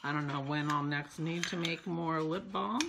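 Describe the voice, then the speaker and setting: A woman's voice: low voice, normal speed, creaky, background noise. A woman vlogging casually at home, chatty and self-mocking, thinking aloud as she works. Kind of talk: casual vlog narration. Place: home kitchen.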